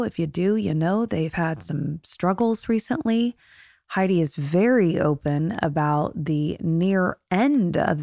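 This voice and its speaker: A woman's voice: fairly low pitch, a little mellow, dry recording, studio quality. A woman hosting a podcast, talking in a chatty, gushing way with lots of "like" and "you know". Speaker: podcast host. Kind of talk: casual interview chat.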